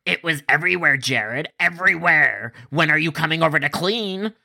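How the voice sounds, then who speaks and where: A man's voice: fairly high pitch, animated, normal speed, gravelly, bright, forceful tone, heavily acted. A man voicing a furious woman caller who got sick, crude and accusing, dragging out her words. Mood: indignant.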